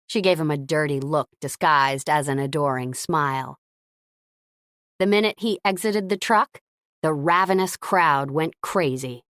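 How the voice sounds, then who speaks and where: Woman audiobook narrator, lowish voice, expressive reading, dry close sound. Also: a little slow, dry recording.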